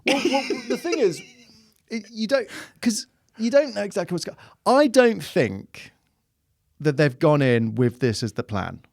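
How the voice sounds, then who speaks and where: A man's voice: high-pitched, measured pace, vocal fry, no room sound, clean studio sound. A man, a comedian guest on a chat podcast, telling rambling stories and acting out the people in them. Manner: rambling, animated storytelling with acted-out quotes.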